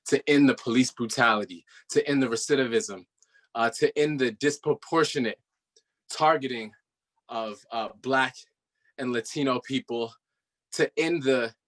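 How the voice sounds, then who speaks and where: A man, a rapper and political organizer, speaking earnestly to an online audience in quick bursts with fillers. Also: medium pitch, a bit bright. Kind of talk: casual speech to a virtual audience.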